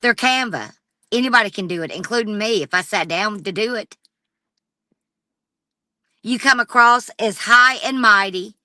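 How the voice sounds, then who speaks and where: A woman's voice: medium pitch, moderate pace, pauses often, pushed and bright, no room sound. A woman livestreaming an angry, profane rant straight at a rival. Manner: profane and confrontational, addressing a rival directly.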